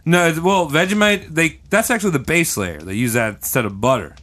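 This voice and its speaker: Bright, lively man spinning comic tales. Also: a little high, a little fast. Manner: rambling, giggly, slangy. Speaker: podcast co-host. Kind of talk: improvised comedy storytelling.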